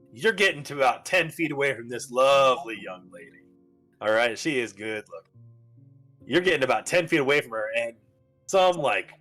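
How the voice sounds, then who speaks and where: A man's voice: mid-range voice, a bit bright. Laid-back man running a tabletop game. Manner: casual, rambling, full of fillers. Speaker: game master.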